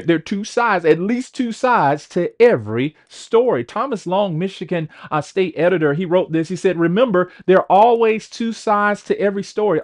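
A pastor with a notably high voice for a man preaches to an online congregation. His delivery is conversational, with words repeated as he builds each point, and he keeps calling out to listeners for replies. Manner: calls out to listeners for responses.

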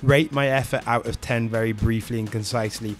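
A man hosting a casual tutorial, rambling and talking to an AI assistant in quick bursts. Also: mid-range voice, steady tone, soft background music. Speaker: tech video host.

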